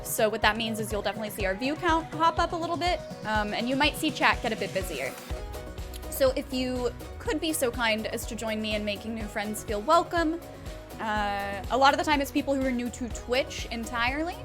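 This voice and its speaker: A young woman streaming a video game, chatting directly to her viewers in a chatty, excitable way. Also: on the high side, brisk, music in the background. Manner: chatty, addresses chat directly; excitable, gushing. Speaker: Twitch streamer. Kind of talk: casual live-stream chat while gaming.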